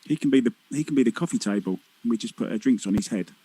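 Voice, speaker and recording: A man's voice: medium pitch, lively intonation, fast, mellow, husky, dry recording, low-quality recording. A man commentating on a pool match, chatty and teasing, laughing easily with his co-host. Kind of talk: live sports commentary.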